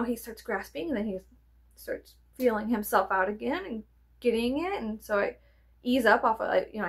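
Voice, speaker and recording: A woman with a gravelly, fried edge to a fairly high voice, talking at length. She rambles through casual stories, swearing freely and animated throughout. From American South. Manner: animated, profane, chatty, laughs often. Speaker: vlogger.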